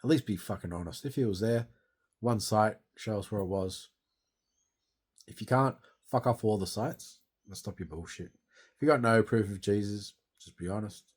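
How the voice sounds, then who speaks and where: A man's voice: on the low side, normal speed. A young Australian man in distress, grieving and venting in a rambling, sweary monologue into his phone.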